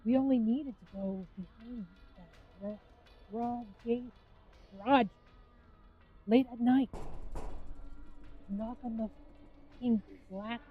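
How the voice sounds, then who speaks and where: A woman reading game dialogue in a slow, halting way, with swearing thrown in. Her voice comes through a narrow, phone-like line. Faint music plays behind her. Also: fairly high pitch.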